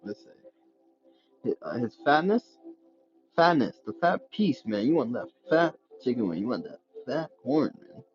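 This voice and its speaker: A man's voice: medium pitch, very animated, unhurried, dull audio, faint music behind. A man reading scripture aloud with stumbles and restarts, then breaking into slangy street-style commentary as a preacher. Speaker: scripture teacher.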